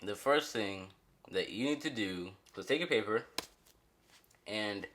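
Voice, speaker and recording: A man's voice: lowish voice, expressive, unhurried, a bit bright, a little hiss or hum. A young man hosting a jokey, rambling origami tutorial from his bedroom, with mock-dramatic asides. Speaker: channel host. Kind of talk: goofy origami tutorial vlog. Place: bedroom, at a bare mattress.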